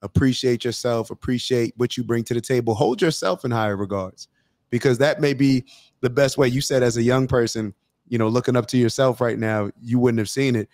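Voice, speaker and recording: A man's voice: mid-range voice, brisk, darkish tone, no echo, studio quality. A man hosting a casual conversation, talking in a reflective, motivational way with many fillers. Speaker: podcast host.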